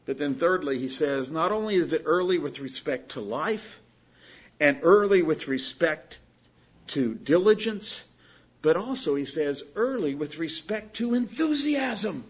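A man preaching a sermon as a pastor, pleading with his listeners and swinging between loud exhortation and quiet storytelling. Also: fairly high pitch, lively intonation, measured pace, breathy edge, dull audio.

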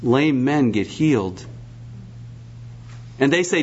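A man's voice: a little high, lively intonation, normal speed, a little hiss or hum. A man preaching a sermon, emphatic and repetitive, posing rhetorical questions, in a dull lo-fi recording.

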